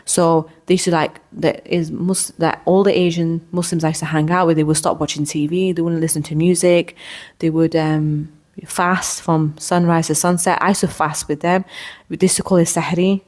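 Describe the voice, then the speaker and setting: A woman's voice: low-pitched, level tone, normal speed, darkish tone. A woman in her thirties hosting a podcast, telling a personal story in a candid, rambling way with frequent restarts. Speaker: podcast host.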